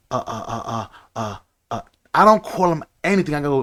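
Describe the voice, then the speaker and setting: A fairly high-voiced man talking in a casual, animated way. He tells stories, says key phrases over and over for emphasis, and slips into imitations of other people when he quotes them. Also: fairly quick. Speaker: podcast guest. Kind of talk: casual chat, storytelling.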